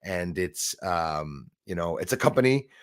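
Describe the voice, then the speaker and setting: A middle-aged man hosting a casual live stream, excitable, thanking viewers by name and swearing when angry. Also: deep voice, measured pace, no echo, clean studio sound.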